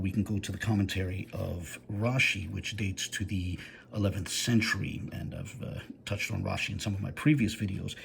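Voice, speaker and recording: A man giving a methodical screen-share lecture on biblical grammar, pausing often with fillers and carefully reading out Hebrew phrases. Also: sits low, gravelly, slight background noise. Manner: methodical, hesitant with frequent fillers. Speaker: biblical language teacher.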